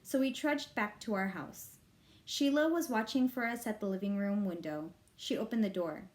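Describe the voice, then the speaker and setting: A woman reading a children's novel aloud, with expressive, lively narration. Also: mid-range voice, moderate pace. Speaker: reader.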